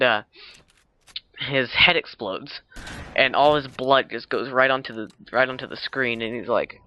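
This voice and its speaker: A man's voice: medium pitch, moderate pace, dry recording. Young guy rambling through a movie recap. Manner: rambling, many fillers and self-corrections. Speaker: video uploader. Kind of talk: casual movie recap vlog. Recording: dull lo-fi home recording.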